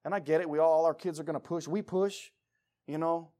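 A man preaching a sermon as pastor, emphatic, swinging between loud urging and quiet pleading. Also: fairly high pitch, fairly even intonation, fairly quick.

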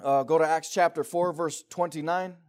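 High-voiced preacher man, rising and falling. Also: fairly even intonation, moderate pace. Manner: preaching with big swings between loud emphasis and quiet intensity, rhetorical questions. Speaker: pastor. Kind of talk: sermon. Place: church meeting room.

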